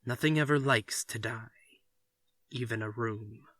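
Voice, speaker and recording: Resolute storybook father, read by a man, slow, dry delivery. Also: medium pitch, a bit bright, dry recording. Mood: stern. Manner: firm, emphatic declarations. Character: stern father, uneasy then firm and forceful. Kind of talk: reading a story aloud.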